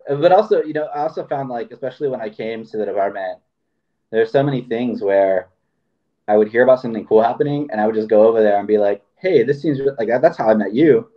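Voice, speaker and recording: A man's voice: mid-range voice, fast talker. A man hosting a casual conversation, rambling and acting out bits of dialogue as he tells stories. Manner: rambling, acts out quoted dialogue. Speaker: podcast host. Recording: dull lo-fi sound.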